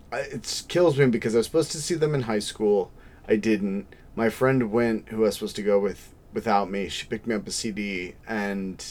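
Young guy, low pitch, rambling podcast co-host, self-deprecating. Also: a little mellow. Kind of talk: casual chat.

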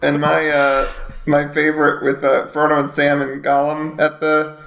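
Gravelly man chatting in an echoey room. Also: on the high side, monotone, normal speed, fairly bright tone. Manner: rambling, full of fillers and restarts. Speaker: podcast co-host. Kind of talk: casual chat.

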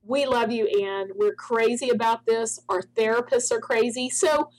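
A woman's voice: on the high side, fairly even intonation, moderate pace, darkish tone, low-quality recording. A middle-aged woman, a founder of a spa products company, telling a long story in an interview and acting out the dialogue she quotes.

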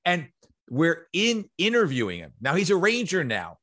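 A man co-hosting a casual interview, a sports reporter chatting in an animated way. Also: fairly high pitch, moderate pace.

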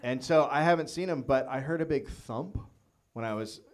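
A man's voice: mid-range voice, normal speed. A man co-hosting a live comedy podcast, telling crude stories with a lot of swearing. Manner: profane storytelling, animated. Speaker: podcast co-host.

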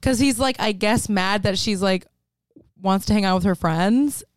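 A woman's voice: medium pitch, moderate pace, no room sound. Giggly, gushing woman podcast host. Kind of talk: casual film-recap chat.

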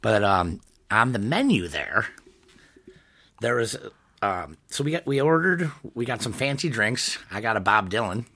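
A young man from the Niagara Falls area tells a story in loose podcast chat, laughing between lines and acting out what people said. His bright voice swings high and low. It has a slightly husky edge. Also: a little slow. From Niagara Falls area, New York. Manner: animated storyteller, laughs often, acts out quotes. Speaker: podcast co-host.

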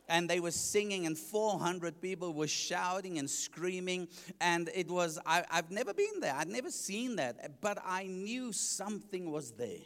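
Evangelist in a reverberant church. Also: male voice, a little high, normal speed. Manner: animated storytelling, acts out his own past reactions. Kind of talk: sermon testimony.

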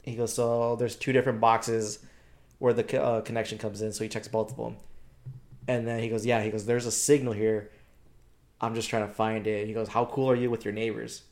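A man's voice: fairly low pitch, brisk. Young male podcast co-host, loose slangy storyteller, swears a lot, does the other people's lines. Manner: animated, slangy, swears freely, acts out quoted dialogue. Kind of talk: casual storytelling chat.

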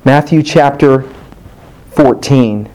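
A man preaching fervently, dropping his voice low to act out quoted speakers. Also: slow, darkish tone, poor audio. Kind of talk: impassioned preaching.

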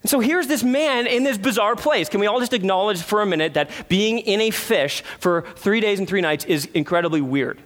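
In a church sanctuary with long hall reverb, a pastor preaches a sermon full of earnest rhetorical questions, swinging between loud emphasis and hushed reflection. His voice is high-pitched and a little fast, with few pauses.

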